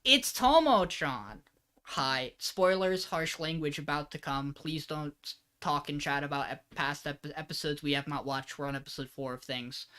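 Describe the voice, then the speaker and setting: Bright, forceful podcast host for a casual recap; rambling and animated, voices the characters' quotes. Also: mid-range voice, moderate pace, few pauses, smooth.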